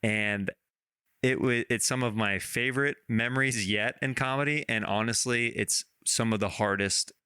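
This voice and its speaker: Bright, crisp-voiced man rambling. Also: mid-range voice, moderate pace, no room sound, clean studio sound. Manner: rambling, many restarts, laughs often. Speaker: podcast host. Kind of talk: casual interview chat.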